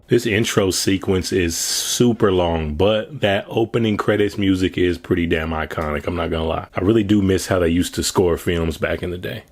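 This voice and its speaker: A man's voice: low voice, normal speed, few pauses. A man hosting a movie reaction video, chatting casually with slang and frequent laughs. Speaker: host.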